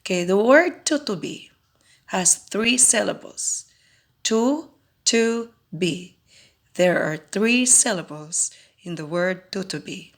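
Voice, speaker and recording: Woman, online teacher, slow and deliberate delivery, gravelly edge to the voice. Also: medium pitch, expressive. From Philippines. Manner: slow, careful, counting syllables aloud. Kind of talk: educational lesson.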